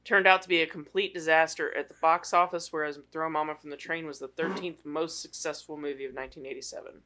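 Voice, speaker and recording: Low-voiced woman reading trivia. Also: fairly even intonation, fast, sharp tone. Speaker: podcast co-host, trivia segment. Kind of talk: casual chat, reading trivia.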